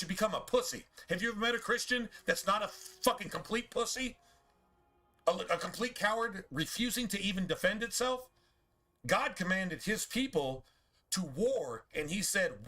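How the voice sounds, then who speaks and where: A man's voice: sits high, pushed and bright. A man streaming a game, talking in a casual, profane, preachy rant full of rhetorical questions.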